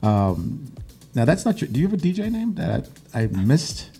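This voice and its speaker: A man hosting a radio interview in a studio, chatty and relaxed, restarting his questions as he goes. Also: medium pitch, normal speed, gravelly, husky, faint music behind. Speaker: radio show host. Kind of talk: casual interview.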